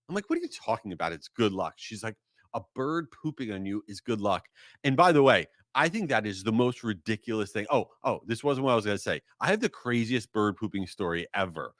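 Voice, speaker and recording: Animated male podcast host, lively pitch. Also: dry recording, clean studio sound. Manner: animated storyteller, rises high for excited bits. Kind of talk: casual podcast monologue.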